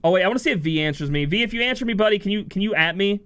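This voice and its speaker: High-voiced man, rambling streamer. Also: expressive, rapid-fire, a bit bright, smooth. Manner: rambling, emotional, swears freely. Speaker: game streamer and content creator. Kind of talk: casual livestream chat.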